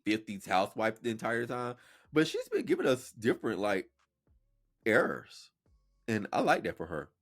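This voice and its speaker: A man hosting a podcast, talking in a sassy, playful way as casual reaction commentary. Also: mid-range voice. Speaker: podcast host.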